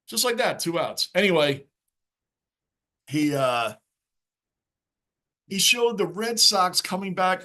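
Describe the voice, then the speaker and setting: A man's voice: on the high side, a bit bright. A man hosting a live sports reaction stream from his basement, ranting casually and reading viewer chat aloud.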